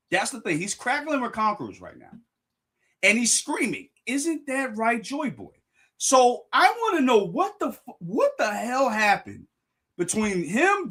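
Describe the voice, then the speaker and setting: An excitable young man streams his reaction live, often restarting sentences and apologizing to his viewers. His voice sits high for a man and swings widely in pitch. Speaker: streamer reacting to a manga chapter.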